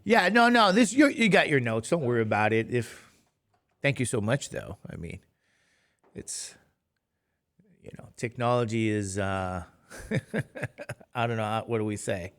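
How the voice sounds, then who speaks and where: A man's voice: mid-range voice, expressive, unhurried, long pauses, a bit bright. A middle-aged man teaching math in a casual lecture, tired and rambling, with chatty self-deprecating asides. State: tired, sleepy.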